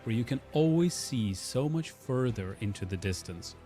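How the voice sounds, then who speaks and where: A man explaining a game in a scripted trailer narration, in a steady, explanatory manner. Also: medium pitch, normal speed. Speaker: game developer presenting a trailer. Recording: voice over clear music.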